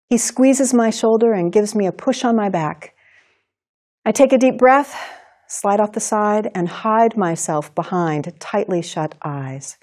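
A woman teaching writing in a recorded lecture, explaining in a clear, measured way. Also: mid-range voice, a little mellow. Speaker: writing instructor.

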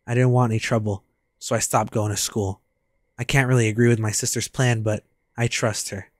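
A man voicing a glum twelve-year-old boy who narrates his strange home life in a low, subdued, flat way. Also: fairly quick, no room sound, clean studio sound, natural voice.

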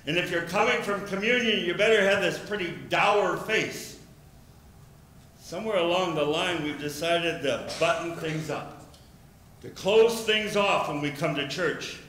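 A man preaching a sermon as pastor, telling the story with lively questions in the voices of the crowd. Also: high-pitched, measured pace, a little hiss or hum. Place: church sanctuary. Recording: echoey church room.

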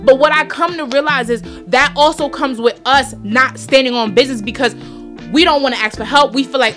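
A woman's voice: sits high, fairly quick, sharp tone, soft background music. A woman in her twenties with a New York accent, hosting a podcast and giving a blunt, profane, fired-up motivational talk. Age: 20s. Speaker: podcast host.

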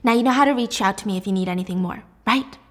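A woman voicing a calm, sly man who speaks with mock politeness. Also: sits high, very fast. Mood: mock-polite.

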